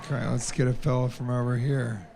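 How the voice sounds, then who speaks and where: Animated stand-up comic with a live crowd. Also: male voice, fairly quick, creaky. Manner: animated storytelling, quoting his partner in a mocking high voice. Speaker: stand-up comedian. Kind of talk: stand-up comedy. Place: comedy club stage with a live audience.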